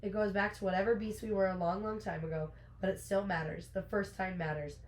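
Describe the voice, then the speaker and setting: A woman's voice: mid-range voice, steady tone, echoey room, slight background noise, natural voice, rough recording. A woman reading aloud the lines of a brooding male fae lord who is confessing his love. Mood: earnest. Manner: reads book lines aloud, hurried and soft.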